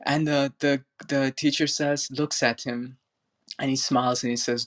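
A man giving a spiritual talk in an online audio room, telling a parable earnestly with slow, emphatic stresses, on a phone mic. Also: mid-range voice, steady tone, fairly bright tone. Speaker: spiritual speaker.

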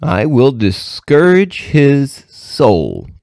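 A man's voice: mid-range voice, wildly swooping pitch, extremely slow, gravelly, a little mellow, clear, resonant tone, no room sound, studio quality, pitched above the performer's own voice, heavily acted. A man voicing eager male imps who boast to the devil about how they will tempt a good man. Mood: boastful.

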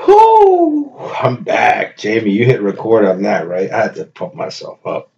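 A man's voice: on the low side, fairly even intonation, moderate pace, gravelly, muffled recording. A man hosting a comedy podcast from his home kitchen, rambling with joking bravado and constant self-corrections. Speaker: podcast host.

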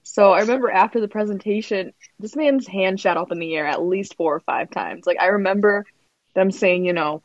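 A woman's voice: mid-range voice, brisk, no room sound. A young woman co-hosting a podcast, telling a story in casual chat, laughing often and filling with "like". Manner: giggly storytelling, lots of "like". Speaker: podcast co-host. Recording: slightly dull lo-fi audio.

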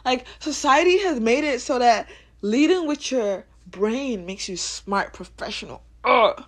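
A woman's voice: animated, measured pace. Young woman musing on spirituality, casual. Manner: casual and swearing, swings between low musing and loud laughing bursts. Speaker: podcaster. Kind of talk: unscripted spiritual monologue.

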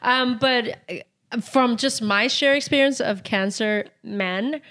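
A woman's voice: a little high, slow pace, fairly bright tone. A young woman co-hosting a podcast in casual chat, blunt and giggly, swearing freely. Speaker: podcast co-host.

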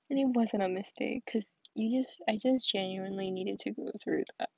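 Husky, gravelly young woman venting. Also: medium pitch, normal speed, darkish tone, dry recording, highs cut off. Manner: rambling, filler-heavy, often dropping to a whisper. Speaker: vlogger. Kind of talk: solo confessional vent.

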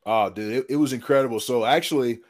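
A fast talker with a mid-range voice, this ex-football lineman relates a hunting story. He's casual and animated, and his slang leans heavily on "dude" and "man."

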